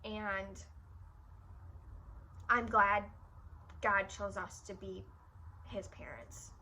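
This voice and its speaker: A woman's voice: medium pitch, steady tone, drawn-out words, bright, forceful tone, breathy edge. A young woman from Michigan telling a personal story in a casual, chatty way, full of "like" fillers. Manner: chatty, frequent "like" fillers, emotional retelling. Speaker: vlogger.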